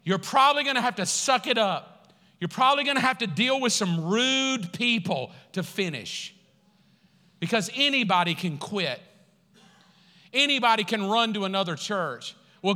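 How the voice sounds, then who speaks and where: A man pastor preaching a sermon, telling a story with lively acted-out quotes before turning quiet and earnest. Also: high voice, moderate pace. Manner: animated storytelling, acting out quotes, laughing, then quiet and earnest. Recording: long hall reverb.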